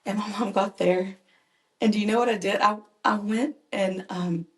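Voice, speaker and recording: Earnest mom telling stories in an echoey room. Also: female voice, medium pitch, moderate pace. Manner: earnest, animated, laughs while telling stories. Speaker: guest, mother and caregiver. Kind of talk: conversational personal storytelling.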